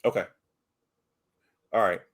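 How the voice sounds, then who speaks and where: A man hosting an interview, speaking haltingly with fillers and restarts. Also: fairly bright tone. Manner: halting, fills with uh and you know. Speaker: host.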